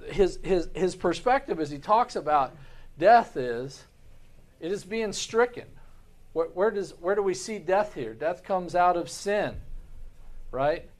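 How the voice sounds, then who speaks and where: A man's voice: a little high, darkish tone. A man, a pastor, teaching a Sunday school class in an earnest way, often repeating words and putting rhetorical questions to the class.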